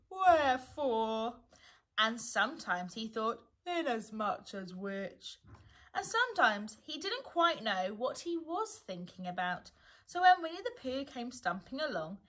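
A primary school teacher with a fairly high-pitched voice reads a children's storybook aloud, gentle and unhurried.

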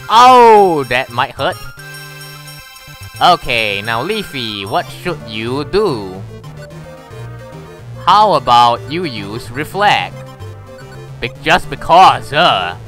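A man's voice: mid-range voice, big pitch swings, very slow, pauses often, sharp tone, soft background music. A man giving casual let's-play commentary, exasperated and swearing mildly at the game. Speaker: gamer.

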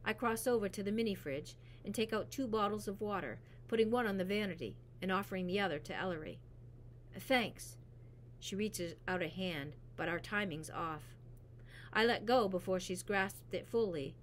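A woman reading a novel aloud in a steady, even narration. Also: medium pitch, normal speed, a little hiss or hum. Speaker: reader. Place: school library.

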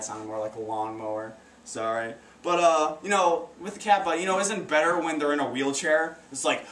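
A man's voice: medium pitch, fairly bright tone. A teenage boy doing amateur stand-up comedy, stumbling and restarting his sentences. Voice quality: stumbling, awkward, many restarts. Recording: roomy, distant, faint noise.

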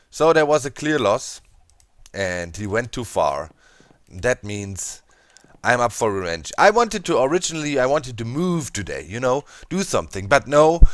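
A man with a German accent hosting a gaming video, talking to viewers in an animated, playfully scheming way. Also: mid-range voice, dry recording, clean studio sound. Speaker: Minecraft let's play host. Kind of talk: gaming commentary.

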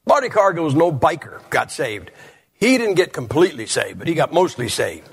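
A husky, fairly high-voiced man preaching to a congregation. He tells stories bluntly and jokes his way through the sermon. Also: very animated, normal speed. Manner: blunt, joking storyteller. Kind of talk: humorous sermon. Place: church service.

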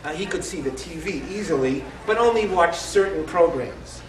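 A man's voice: on the high side, animated, moderate pace. A man in his sixties reading a comic family story aloud at a live event, with a wry delivery and punchlines. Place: live event in a store showroom. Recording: echoey room, distant mic.

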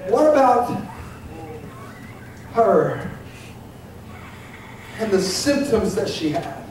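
A man's voice: high-pitched, sing-song, extremely slow, a little mellow, slight background noise. A man preaching an impassioned, emotional sermon as pastor of a church, captured from a distance in the sanctuary. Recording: echoey church recording from far off.

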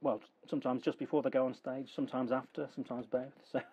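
A man hosting a radio interview, affable and quick, often trailing into fillers as he asks his questions. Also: medium pitch, flat delivery, a little mellow, slight background noise, rough recording. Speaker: radio show host. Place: radio studio.

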